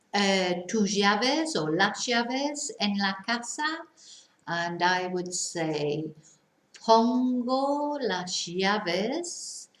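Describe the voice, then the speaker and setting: A woman teaching a Spanish lesson, reading example questions and slowly modelling her answers, then translating them. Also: medium pitch. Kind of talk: slow language lesson. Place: lives in a Spanish village. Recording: echoey room.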